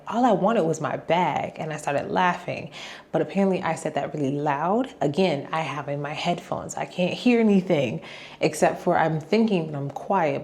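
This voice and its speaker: A young woman with a low voice tells a storytime vlog casually. Her talk is chatty and animated, and she drops into quoted asides as she retells what happened. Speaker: vlogger.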